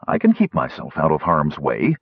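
A man voicing a steady, dutiful young knight who speaks firmly and plainly. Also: a bass voice, normal speed, no echo, narrow, tinny audio, voice pushed down, full character voice. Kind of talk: audiobook character voice.

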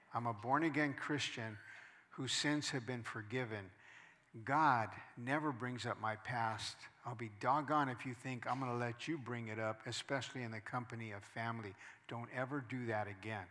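A male pastor preaching a sermon, moving between quiet storytelling and loud, emphatic preaching. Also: medium pitch, normal speed, big-room sound.

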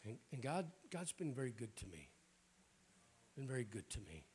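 A man's voice: mid-range voice, sing-song, normal speed, a little mellow, slight background noise. A middle-aged man with a Southern US accent, preaching a folksy, joking sermon in a church. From American South. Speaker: guest preacher. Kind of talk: humorous sermon.

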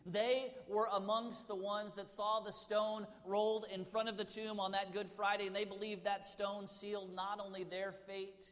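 A male pastor with a high voice preaches to a congregation, weaving stories into the sermon and leaning on dramatic pauses and swells of emphasis. His voice rings through a church hall with a long reverb trailing behind. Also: level tone, fairly bright tone.

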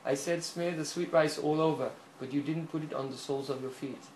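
A man voices an imperious old sage, calm and lordly as he hands down judgment. The voice rings in a roomy space over a faint hiss. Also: on the high side, fairly quick, lightly acted. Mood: pleased. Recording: echoey room, faint hiss.

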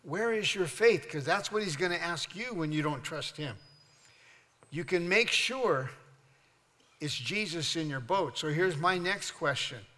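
A man preaches to his congregation in a bright, forceful voice sitting a touch above the usual male pitch. He pushes his questions out loud and high, then sinks to near quiet on the lines that carry weight. The recording rings with the long reverb of a large church sanctuary. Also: expressive, measured pace. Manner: preaching with call-and-response to the congregation. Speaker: pastor. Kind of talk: sermon.

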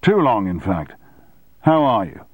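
A man doing a brisk media tycoon. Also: fairly low pitch, very animated, breathy edge, no echo, exaggerated voice. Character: powerful middle-aged male media tycoon, brisk.

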